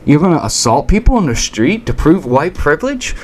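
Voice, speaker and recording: A man's voice: a little high, very animated, brisk, a little mellow. A man from the United States hosting a political commentary rant, combative and sarcastic, now and then stumbling over words and restarting. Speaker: commentary channel host.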